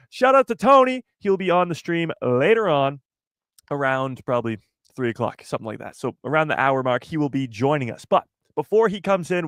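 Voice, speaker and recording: A young man hosts a live stream and chats straight to his viewers, teasing them and firing off rhetorical questions. His voice sits a bit high and swings widely in pitch. The sound is dry, with no room around it. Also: fairly bright tone, no echo. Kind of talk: casual live stream commentary.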